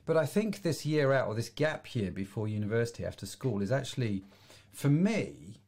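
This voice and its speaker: Middle-aged male host, easygoing encouraging interviewer, mid-pitched voice. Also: very animated, moderate pace, a little mellow, husky. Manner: encouraging, agreeable listener. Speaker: podcast host. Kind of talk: casual interview chat.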